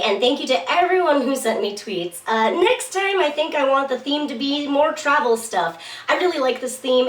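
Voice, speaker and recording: A woman's voice: sits high, reverberant, recorded from a distance. A young woman hosting a casual, playful Japanese lesson, moving easily between English and Japanese. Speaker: Japanese language teacher, host.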